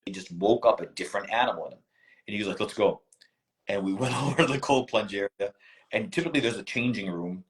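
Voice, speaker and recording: A man with a fairly low voice, guesting on an interview and telling stories with lively, emphatic energy. He talks casually and leans hard into his points. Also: fast talker. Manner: animated, emphatic storyteller.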